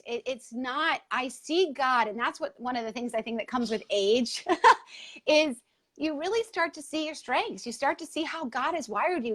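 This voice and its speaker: A woman guest talking earnestly in a casual chat, laughing often. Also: high voice. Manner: earnest, laughing, faith-centered.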